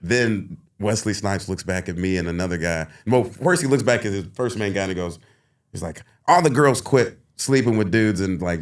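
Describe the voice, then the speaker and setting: Low-voiced man telling animated stories. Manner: laughs often, acts out others in high voices. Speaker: guest actor. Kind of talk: animated storytelling.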